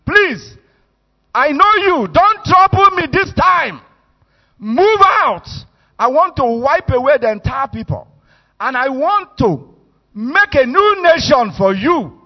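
A man's voice: high-pitched, very animated, normal speed, breathy edge, pitched below the performer's own voice, exaggerated voice. A man with a Nigerian accent voicing an exasperated, stern divine figure who speaks insistently. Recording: echoey hall, muffled sound.

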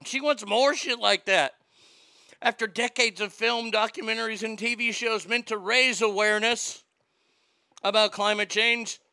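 A late-forties man hosts a live show in a crude comic rant, jumping from loud outbursts to low mutters. His voice sits high with a gravelly rasp and a sharp, bright edge. The sound is dry and close. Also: dry recording. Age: late 40s. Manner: profane, mocking, swings between loud outbursts and mutters.

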